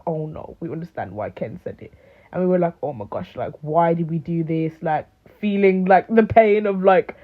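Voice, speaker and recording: A woman in her late teens chatting casually to camera, animated and rambling with lots of fillers. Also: mid-range voice. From United Kingdom. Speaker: vlogger. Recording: phone-like thin sound.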